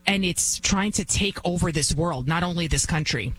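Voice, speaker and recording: A woman's voice: on the low side, normal speed, fairly bright tone, soft background music, low-quality recording. A woman filling in as a talk radio host, giving an emphatic, indignant monologue with lots of repetition.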